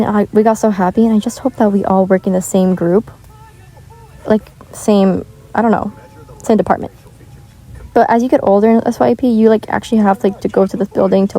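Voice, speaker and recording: A woman's voice: mid-range voice, dark tone, rough recording. A teenage girl chatting casually while gaming, rambling with lots of filler words, recorded on earbuds in a shared bedroom. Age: teens. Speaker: gaming vlogger. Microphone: wireless earbuds.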